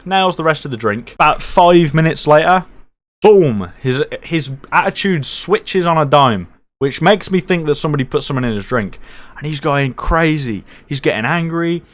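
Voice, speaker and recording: A man's voice: a little high, normal speed. Young man telling a wild story. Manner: animated, swearing, self-mocking. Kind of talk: casual storytelling.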